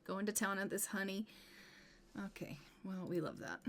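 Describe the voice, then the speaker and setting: A woman's voice: mid-range voice, expressive, moderate pace, creaky, a bit bright. Young woman doing casual game commentary, chatty, bossing her sims around, little whispery asides, normal mid voice. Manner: chatty, playfully scolding her game characters, sometimes dropping to a whisper. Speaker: gameplay video host. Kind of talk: casual let's-play commentary.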